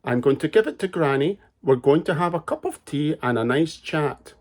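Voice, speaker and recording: A man's voice: fairly high pitch, animated, moderate pace, natural voice. A man voicing Little Red Riding Hood, a sweet, polite little girl, in a children's storybook reading. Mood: bright polite.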